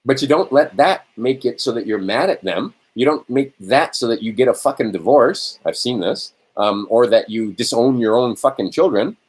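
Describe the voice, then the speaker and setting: A man's voice: mid-range voice, lively intonation, normal speed, few pauses, husky, low-quality recording. A middle-aged man hosting a show, giving a profane spiritual rant, swearing often and checking in with a rhetorical "right?" after each point. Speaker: host.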